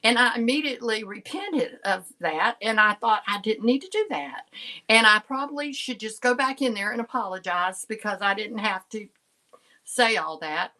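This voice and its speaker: Older woman, bright voice, rambling family story, laughs a lot, keeps restarting. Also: mid-range voice, moderate pace, poor audio. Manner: chatty, laughs often, self-interrupting. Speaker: channel host. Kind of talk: casual storytelling chat.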